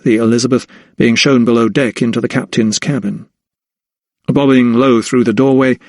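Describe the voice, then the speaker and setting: A man reading a historical mystery aloud in an even, measured storytelling manner. His voice sits at a middling pitch and the recording is close and dry, with no room around it. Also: no echo. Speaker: audiobook narrator. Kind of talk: scripted narration.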